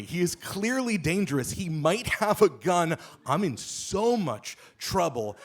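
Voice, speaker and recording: A man telling a true story at a live storytelling event, speaking into a stage microphone with emphatic, comic delivery that rises to shouts at the punchlines. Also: high-pitched.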